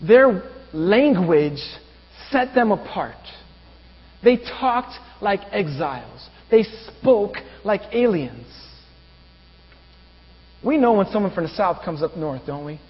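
A pastor preaching a sermon, asking the congregation rhetorical questions. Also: male voice, high-pitched, big pitch swings, slow. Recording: dull reverberant room with mains hum.

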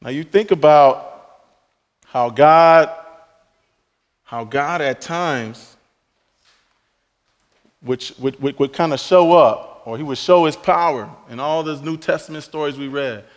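A male pastor preaching a sermon emphatically, rising on key phrases and dropping to soft, quiet asides. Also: on the high side, slow pace, pauses often, in a large hall.

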